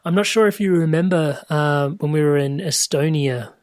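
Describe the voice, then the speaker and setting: A man with a slightly high voice, speaking as a guest over a video call. He muses in a searching way, restarts his phrases and lets them trail off softly. The sound is dry and close. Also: normal speed, no echo. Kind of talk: reflective conversational storytelling.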